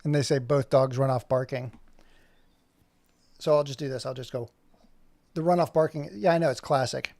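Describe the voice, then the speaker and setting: A man's voice: medium pitch, moderate pace, creaky, long pauses, a little mellow, no room sound. A man chatting casually on a livestream, rambling and talking to himself as he works on an animation. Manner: rambling, talks to himself while working. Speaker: streamer making an animation.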